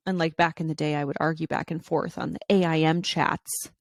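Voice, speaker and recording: Woman, podcast host, casual storytelling, animated, quick voice shifts, dry close sound. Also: sits low, dry recording. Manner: chatty with frequent fillers and laughs.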